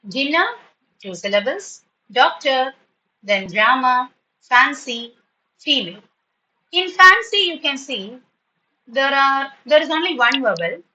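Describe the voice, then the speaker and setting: A woman teaching spoken to school students in an online class, patiently repeating words slowly to model their pronunciation. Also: sits high, pushed and bright, poor audio.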